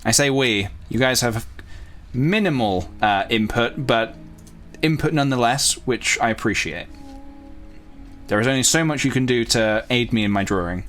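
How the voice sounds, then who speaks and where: A man's voice: medium pitch, normal speed, fairly bright tone, soft background music. Rambling casual man narrating his drawing. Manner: rambling, self-talking, playful asides. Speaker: youtuber drawing on stream.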